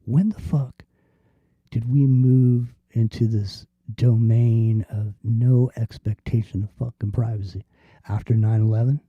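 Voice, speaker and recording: A man chatting as a talk show host, rambling loosely and cursing often, with plenty of ums and false starts. His voice sits at a middling pitch. It comes through a dry, close mic with a dull, lo-fi tone. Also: steady tone, a little slow, husky, no room sound. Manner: rambling, profane, with many restarts and fillers. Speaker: podcast host. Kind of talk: casual talk show chat. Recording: dull lo-fi sound.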